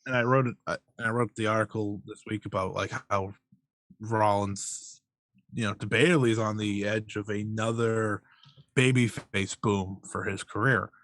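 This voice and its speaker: A man co-hosting a casual wrestling podcast, giving measured, opinionated analysis. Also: lowish voice, steady tone, a bit bright, no room sound. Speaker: podcast co-host.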